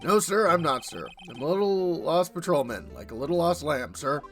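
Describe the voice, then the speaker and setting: A man voicing a jittery, overeager young male patrol officer who loudly ends every sentence with "sir". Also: on the high side, expressive, moderate pace, soft background music. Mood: nervous, eager. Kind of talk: voicing a game character in a playthrough.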